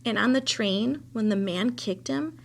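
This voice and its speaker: Gravelly woman reading a novel aloud. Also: fairly high pitch, a little slow, slight background noise. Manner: steady, expressive storytelling.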